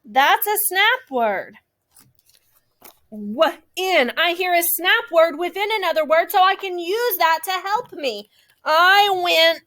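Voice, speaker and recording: Bright, high-voiced woman teaching young children. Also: lively intonation. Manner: slow, exaggerated stretching of sounds for young children. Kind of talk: classroom phonics lesson.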